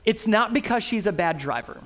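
A middle-aged man preaching a sermon as a pastor, telling stories with animated, self-mocking humor. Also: high-pitched, brisk.

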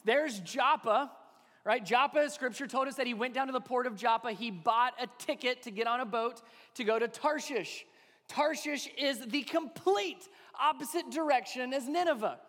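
High-voiced male pastor preaching in a reverberant hall. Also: normal speed, fairly bright tone. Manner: conversational preaching with rhetorical questions. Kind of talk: sermon.

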